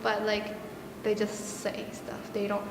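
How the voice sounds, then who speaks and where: A woman's voice: mid-range voice, monotone, slow, background noise. A young woman, originally from Korea, giving frank, wry answers in a casual interview. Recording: echoey hall, distant mic, music.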